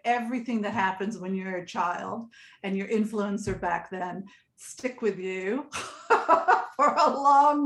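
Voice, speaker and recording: An older woman in her sixties tells stories from her life in a loose, chatty way, often drifting off and laughing as she goes. Her voice sits at a middle pitch, and the room around her gives it a noticeable echo. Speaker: interview guest. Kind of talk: casual storytelling. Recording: echoey room.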